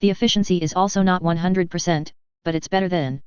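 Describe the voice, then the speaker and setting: A woman's voice: fairly low pitch, steady tone, fast, clean tone, dry recording. A woman reading first-person fan fiction aloud in a casual, wry way, with dry asides. She speaks close to the mic, and the recording is slightly dull and lo-fi. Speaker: reader.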